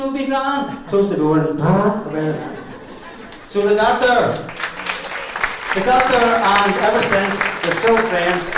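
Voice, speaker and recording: Northern Irish dad, very echoey hall. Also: male voice, sits high. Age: middle-aged. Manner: jokey storytelling with chuckles. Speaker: father of the bride giving a speech. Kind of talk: wedding speech anecdotes. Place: wedding reception hall. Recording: very echoey hall, far from the mic.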